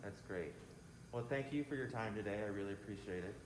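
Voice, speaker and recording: A man's voice: fairly low pitch, fairly quick. A man interviewing a plant grower, encouraging him with short agreements and questions. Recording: roomy with faint background noise.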